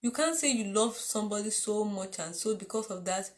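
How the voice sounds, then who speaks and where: A woman's voice: mid-range voice, a little fast. Chatty woman teaching the Bible. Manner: chatty, laughs often, asks "You understand?".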